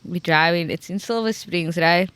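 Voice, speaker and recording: A woman co-hosting a casual podcast chat, telling stories in an animated way. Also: fairly low pitch, normal speed, smooth, no echo. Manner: animated storyteller, laughs often. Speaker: podcast co-host.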